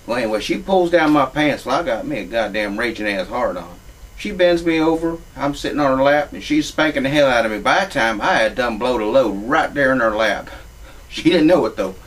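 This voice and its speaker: A man's voice: medium pitch, animated, fairly quick, fairly bright tone, far from the mic, low-quality recording. Profane man spinning a crude yarn. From Louisiana. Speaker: comic storyteller. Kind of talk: crude comic monologue.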